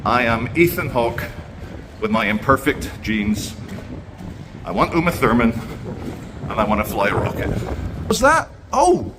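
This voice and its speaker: The walking vlogger's lowish voice is expressive, at normal speed but broken by long pauses. He rambles casually with sardonic asides as he films on his phone through city streets and a mall, with noise all around.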